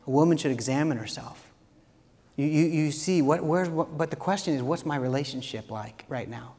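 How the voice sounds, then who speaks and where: A man's voice: fairly high pitch, normal speed. Impassioned male pastor in a reverberant hall. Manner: earnest, builds from soft to loud and impassioned. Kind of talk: sermon.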